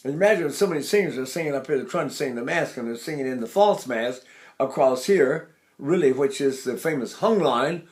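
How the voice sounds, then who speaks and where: A man's voice: mid-range voice, animated, brisk. An older man, a voice teacher, explaining singing technique and breaking into sung and spoken vowel demonstrations.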